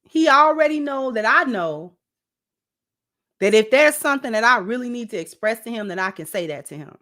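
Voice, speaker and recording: A woman's voice: lively intonation, normal speed. Chatty woman giving casual relationship advice. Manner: conversational, repeats phrases, drops low and soft for asides. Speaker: relationship vlogger. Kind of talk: casual advice talk to camera.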